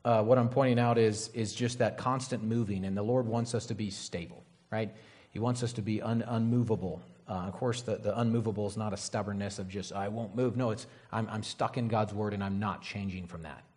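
A man's voice: on the low side, fairly even intonation, a little fast, a little mellow. Male preacher, conversational sermon delivery, rambling, keeps asking the room "right?". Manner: casual, rambling, frequent "right?" and "you know".

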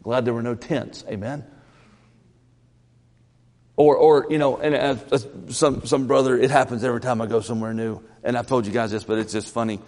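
A man preaching a sermon in a church, lively, often repeating and stumbling over his first words. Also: medium pitch, normal speed. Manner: animated, repeats words, stammers at starts. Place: church sanctuary. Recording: reverberant church hall.

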